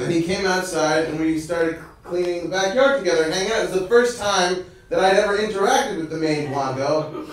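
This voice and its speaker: Chuckling comedian with a high voice, echoey room. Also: male voice, fairly quick, recorded from a distance. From United States. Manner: animated, chuckling, conversational. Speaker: stand-up comedian. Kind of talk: stand-up storytelling. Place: live event venue, indoors. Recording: echoey room, mic from afar, ambient noise.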